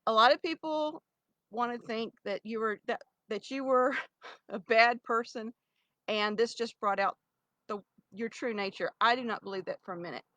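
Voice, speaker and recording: A middle-aged woman with a fairly high voice pours out a long, rambling plea, circling back with fillers and false starts. She sounds close to tears. The recording is dry and close. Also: normal speed, a bit bright, dry recording, rough recording. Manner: rambling, pleading, many restarts and fillers. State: near tears. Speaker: vlogger addressing her ex. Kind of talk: emotional direct-to-camera monologue.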